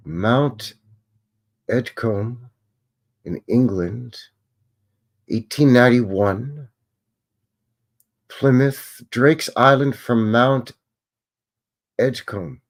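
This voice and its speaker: A man's voice: mid-range voice, drawn-out words, pauses often. A man hosting a live stream, musing and chatting as he thinks aloud over old photographs.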